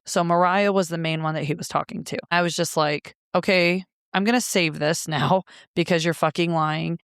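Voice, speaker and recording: A woman's voice: fairly low pitch, fairly even intonation, normal speed, smooth, dry recording, clean studio sound. Blunt, profane woman telling her story. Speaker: guest. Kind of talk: candid personal storytelling.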